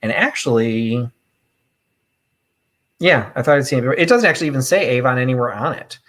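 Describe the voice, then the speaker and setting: A man's voice: medium pitch, animated, a little fast, fairly bright tone. A man hosting a live online vintage sale, talking casually and rambling with self-deprecating asides and many fillers. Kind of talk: casual live-stream sales patter.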